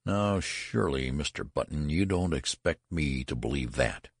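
A man's voice: rumbling low, expressive, normal speed, slightly rough, no room sound, studio quality, exaggerated voice. A man voicing a stern, irritable male college registrar who talks in a curt, scolding manner. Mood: incredulous. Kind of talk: audiobook character voice.

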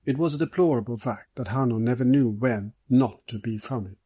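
Husky guy reading a novel, measured, dry close sound. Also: mid-range voice, mellow, no echo, poor audio. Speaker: audiobook narrator. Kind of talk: scripted narration.

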